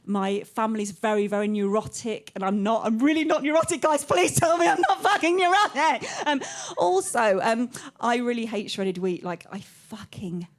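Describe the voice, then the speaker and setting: A woman from England doing live stand-up in a comedy club. She talks quickly and casually, swears a lot and fills her pauses with "um". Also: on the high side. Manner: chatty, quick, sweary, many ums.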